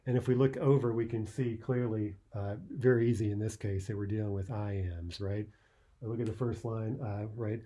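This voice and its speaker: A man with a fairly low, dark and mellow voice teaches a poetry lesson. He talks it through loosely, thinking aloud with frequent "uh"s and checking in with "right?" as he goes. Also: fairly even intonation, moderate pace. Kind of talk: explaining a poem at a whiteboard.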